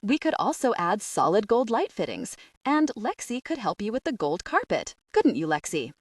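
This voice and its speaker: A woman voicing a calm, dry-witted male architect who speaks politely and deadpan. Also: medium pitch, moderate pace, dry recording, far from the mic.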